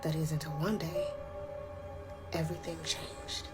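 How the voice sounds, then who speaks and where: A woman's voice: sits low, flat delivery, a little slow. Woman telling a spooky story casually. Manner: drops to hushed whispers at tense moments; colloquial, chatty. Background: background music.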